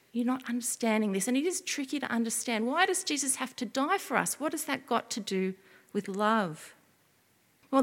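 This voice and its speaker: Woman, fairly high voice, expressive children's sermon, questions to listeners, long hall reverb. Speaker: preacher giving a children's talk.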